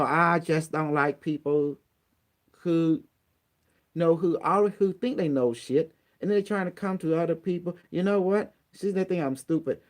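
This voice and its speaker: Guy ranting hard, swears a lot, broken english, kinda high voice. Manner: blunt, profane and combative, with non-native grammar. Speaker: channel host. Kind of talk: casual rant on a phone call.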